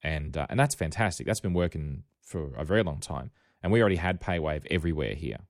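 A man's voice: rumbling low, expressive, quick pace, dry recording, studio quality. A man with an Australian accent hosting a casual tech podcast, rambling and wry, often correcting himself mid-sentence. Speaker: podcast host.

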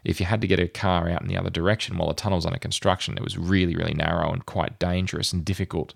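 A man with a deep voice and a gravelly edge talks through his thoughts on a podcast. He rambles casually and loads his sentences with fillers. The recording is close and dry. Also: flat delivery, very fast, no room sound. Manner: rambling, thinking aloud with many fillers. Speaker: podcast host. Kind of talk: casual chat.

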